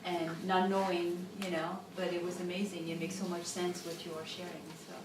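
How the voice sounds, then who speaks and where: A woman in a class audience offers a halting, earnest comment to the lecturer. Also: lowish voice, little pitch movement. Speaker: student in the class. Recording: echoey room, distant mic, clear hiss.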